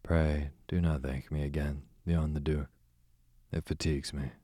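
A man reading an audiobook, voicing a languid aristocratic duke with a smooth, sarcastic drawl. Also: rumbling low, flat delivery, measured pace, warm tone, no echo, clean studio sound, full character voice. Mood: sardonic. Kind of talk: audiobook character voice.

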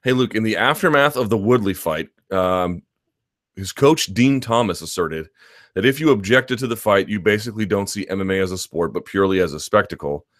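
A man's voice: lowish voice, brisk, dry recording, studio quality. A man hosting a live chat stream, answering viewer questions in a loose, rambling conversational way with restarts and asides.

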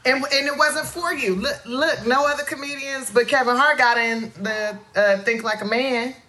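Bright-voiced female comedian chatting casually. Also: high voice, normal speed. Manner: laughs easily, brief agreeing replies. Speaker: stand-up comedian, guest. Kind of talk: casual chat.

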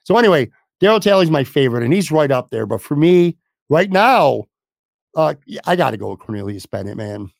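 A man hosting a sports podcast in blunt, rambling casual talk, hoarse from losing his voice. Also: a little high, big pitch swings, fairly quick, no room sound, clean studio sound. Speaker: podcast host.

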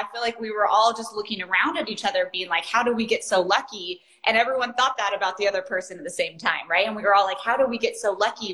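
A woman's voice: mid-range voice, bright, forceful tone, rough recording. A woman coach in casual conversation, chatty and enthusiastic, peppering her talk with "like" and "right?". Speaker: life and business coach.

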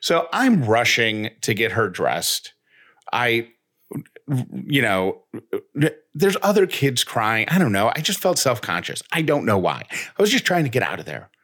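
Animated man telling a story. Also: medium pitch, a little slow. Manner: animated, acts out both sides of an exchange. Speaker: podcast co-host. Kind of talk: casual chat, storytelling.

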